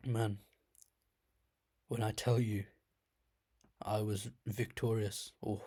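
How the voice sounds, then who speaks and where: A man's voice: fairly low pitch, level tone, takes it slowly, mellow. A young man with a slight lisp telling a rambling comic story about his dreams in a casual way, laughing at himself now and then. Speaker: storyteller host.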